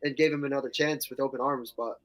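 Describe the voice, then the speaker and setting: A man's voice: medium pitch, fairly even intonation, fast, a bit bright. A young man co-hosting a casual sports chat, laid-back and joking. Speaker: podcast co-host.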